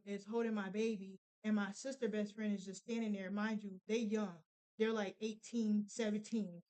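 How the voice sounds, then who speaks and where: A young woman telling a painful personal story, halting with many fillers and restarts. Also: mid-range voice, a little mellow, clean tone, low-quality recording. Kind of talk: casual storytelling.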